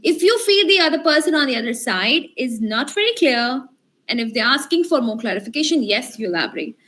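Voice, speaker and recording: High-voiced upbeat woman trainer. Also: brisk. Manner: encouraging, lively, asks the group questions. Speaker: communication skills trainer. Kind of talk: online workshop lecture. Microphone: video call.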